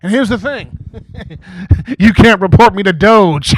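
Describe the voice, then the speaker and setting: A man's voice: high voice, unhurried, long pauses, no echo. A man over forty doing a stand-up comedy set as emcee, talking conversationally with frequent "okay?" asides and acting out quoted voices. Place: small community TV studio stage before a live audience.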